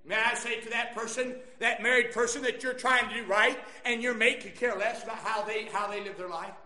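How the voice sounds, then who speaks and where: A man preaching a sermon as pastor, swinging from quiet, confiding lines to passionate shouts. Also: very high voice, fairly even intonation, fairly quick, roomy sound. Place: church sanctuary.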